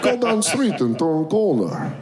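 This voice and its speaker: A man's voice: fairly high pitch, unhurried, voice pushed up. A man putting on a menacing fake-Russian thug. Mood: curt. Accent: put-on Russian. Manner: flat, threatening, clipped broken English. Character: menacing fake-Russian tough guy, blunt and cold. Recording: echoey comedy club with crowd noise.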